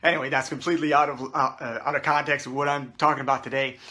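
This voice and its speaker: A man's voice: medium pitch, little pitch movement, fast, pushed and bright. A man hosting a casual talk, chatting to camera with rambling asides, frequent fillers and restarts. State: out of breath. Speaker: host.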